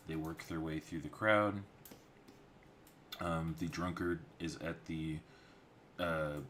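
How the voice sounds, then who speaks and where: A man's voice: a bass voice, fairly bright tone, a little hiss or hum. A man casually talking through story beats of a storyboard on a livestream, rambling with many fillers. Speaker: storyboard artist.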